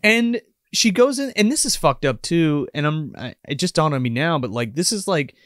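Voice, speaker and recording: A man's voice: a little high, moderate pace, dry recording, clean studio sound. A man co-hosting a movie podcast, casually recapping a film in a profane, rambling way. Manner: profane, rambling, animated retelling. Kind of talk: casual chat.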